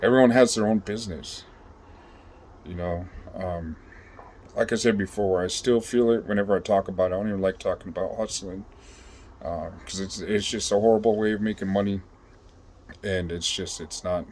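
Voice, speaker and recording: Man, lowish voice, loose storytelling, lots of restarts and cursing. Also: steady tone, moderate pace, darkish tone, slight background noise. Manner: rambling, profane, full of fillers and restarts. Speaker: vlogger telling his own story. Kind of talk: casual storytelling.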